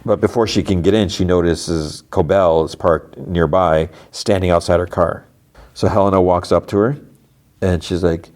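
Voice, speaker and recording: Deep-voiced man rambling through a recap. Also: steady tone, normal speed, a little mellow. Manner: loose and rambling, heavy on filler words. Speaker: podcast host. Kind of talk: casual TV episode recap.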